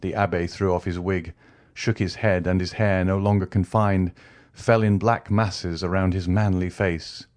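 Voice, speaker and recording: A man reading a classic novel aloud as an audiobook narrator, with a steady, dramatic delivery. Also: low voice, a little slow. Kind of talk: scripted narration.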